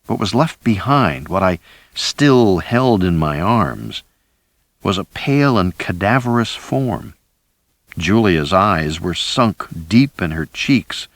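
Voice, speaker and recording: A man reading a first-person thriller audiobook in a measured, dramatic way. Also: fairly low pitch, no echo. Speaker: audiobook narrator.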